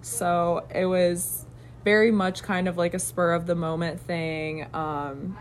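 A young woman, a student club member, talking in a casual podcast chat, relaxed and reflective. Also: lowish voice, slow, a little hiss or hum. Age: young adult. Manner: relaxed, reflective, with soft laughs.

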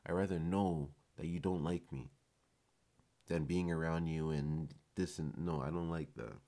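A man's voice: extremely low pitch, unhurried, warm tone. A man delivers a loose motivational monologue on his podcast. He talks casually and with emphasis, and he swears freely. He comes across as loose and fired up. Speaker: podcast host.

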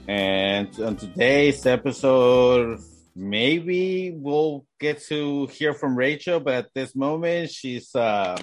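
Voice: medium pitch, expressive, takes it slowly, soft background music. A podcast host in casual chat who laughs often and switches between English and Spanish.

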